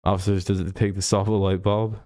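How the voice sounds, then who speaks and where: A man with a low, smooth voice chats casually about football games. He rambles through jokes and swears freely. The sound is close and dry, with no room echo. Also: little pitch movement, fairly quick, warm tone. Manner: joking, rambling, swears often. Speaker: sports streamer. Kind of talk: casual NFL preview chat.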